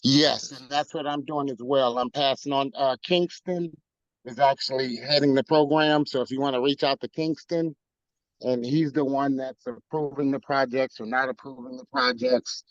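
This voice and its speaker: A man's voice: medium pitch, steady tone, moderate pace, dry recording. A man speaking casually at a city council meeting, with many fillers. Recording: dull dry lo-fi audio.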